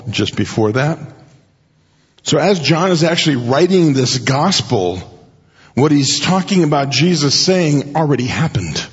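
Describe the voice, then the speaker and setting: Husky-voiced pastor in an echoing hall. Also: male voice, mid-range voice. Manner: earnest, emphatic, stresses words by repeating them. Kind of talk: expository sermon. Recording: dull audio with long hall reverb.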